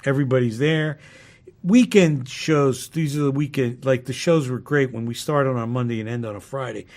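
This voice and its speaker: Male cast member, interview anecdote; gravelly, relaxed, rambling with many fillers. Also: medium pitch, moderate pace. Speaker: sitcom cast member recalling a shoot.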